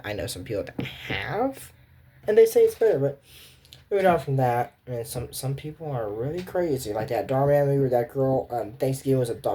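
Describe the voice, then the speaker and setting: A woman with a bass-range, dark voice and a breathy edge gives casual reaction commentary that rambles and digresses. She often breaks off mid-thought, saying "moving on" as she jumps to the next point.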